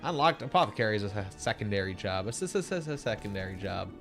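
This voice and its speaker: A man's voice: lowish voice, sing-song, fast, music in the background. A man giving chatty, joking commentary while streaming a game. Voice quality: chatty, joking, self-deprecating. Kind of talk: casual gameplay commentary.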